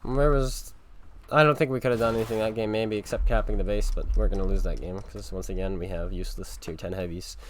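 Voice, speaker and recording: A man with a fairly low voice talks through his tank battles as a livestream commentary. He is sarcastic and exasperated with his teammates, speaking into a desk microphone. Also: fairly even intonation, quick pace, a little hiss or hum. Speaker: game streamer. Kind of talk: casual gameplay commentary.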